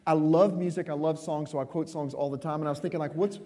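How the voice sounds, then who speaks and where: A man preaching a sermon in a conversational, emphatic way, dropping suddenly quiet at moments. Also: fairly high pitch, steady tone, quick pace, long reverb tail, soft background music. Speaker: pastor.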